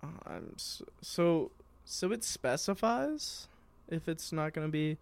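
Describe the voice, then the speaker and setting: A man's voice: on the high side, very animated, slow pace, vocal fry. A man co-hosting a podcast in casual chat, often hesitant and trailing off. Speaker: podcast co-host. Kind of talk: casual card-review chat.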